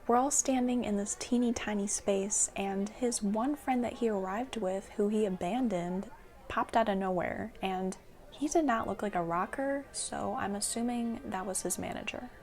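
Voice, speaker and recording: A young adult woman telling a personal story in an animated, dramatic vlog style. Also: medium pitch, normal speed. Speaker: vlogger.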